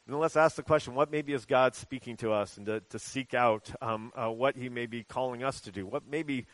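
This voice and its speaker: A man giving a conversational sermon and leading a short prayer, talking in a relaxed way with many ums and uhs. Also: medium pitch, brisk, dry recording, low-quality recording. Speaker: preacher.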